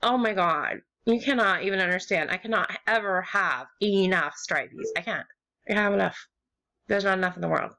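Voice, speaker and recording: A young American woman rambling and gushing as she opens gifts in an online game, with sudden squeals and low mutters. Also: moderate pace, sharp tone. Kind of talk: casual gaming commentary.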